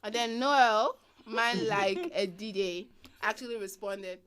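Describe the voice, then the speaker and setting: Female co-host, bright crisp tone, playful and outspoken. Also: medium pitch, takes it slowly. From Nigeria. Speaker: radio co-host. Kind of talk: casual chat on a live radio stream.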